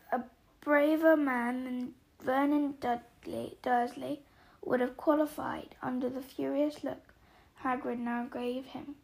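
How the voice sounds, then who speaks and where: A woman narrating a storybook aloud in a measured, expressive reading. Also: high voice, gravelly, rough recording.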